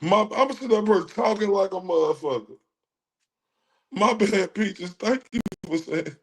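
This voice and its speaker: A man's voice: high voice, animated, normal speed. A man with a Texan accent ranting on a livestream, profane and heated, with laughing asides. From Dallas, Texas. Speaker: livestream host.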